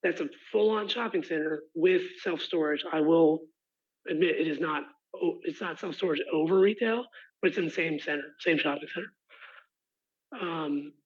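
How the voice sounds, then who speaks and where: A man who has lost his voice, answering residents' questions at a meeting in a halting, apologetic way with many restarts. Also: a little high, slightly rough. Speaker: rezoning applicant's representative. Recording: muffled lo-fi online call audio.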